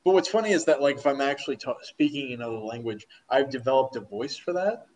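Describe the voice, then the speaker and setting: Man, casual chat; animated storyteller, filler-heavy, laughs easily. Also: mid-range voice, quick pace, slight background noise, low-quality recording.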